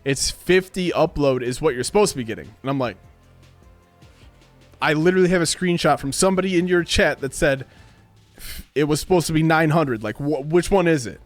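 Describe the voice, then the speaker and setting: A man's voice: a little high, a little fast, faint music behind. A man in his thirties ranting to his live stream chat, swearing and acting out the people he quotes. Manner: animated, swears a lot, acts out quoted voices. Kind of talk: casual rant to stream chat. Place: home streaming room.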